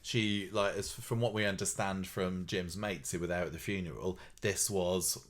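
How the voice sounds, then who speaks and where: A man's voice: low-pitched, steady tone, normal speed. A man co-hosting a podcast, recapping a soap in a rambling chat with wry asides. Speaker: podcast co-host.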